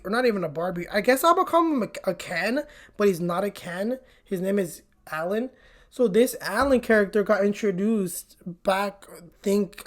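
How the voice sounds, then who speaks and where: Woman vlogger, casual movie recap, blunt and chatty with frequent swearing, mid-pitched voice. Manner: chatty and blunt, swears often, says "like" a lot.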